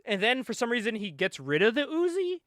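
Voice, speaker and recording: A man's voice: very high-pitched, wildly swooping pitch, a little fast, a bit bright, no echo. Man, comic recap, jokey, swears, laughs a lot, dry close sound. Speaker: podcast host reviewing a comic. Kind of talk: casual comic recap with acted quotes.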